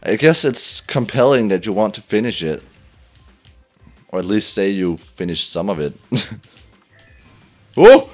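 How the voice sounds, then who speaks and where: A man's voice: on the low side, moderate pace, soft background music. A young man giving let's play commentary, laughing often, swearing and yelping in frustration as he plays. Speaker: gameplay commentator.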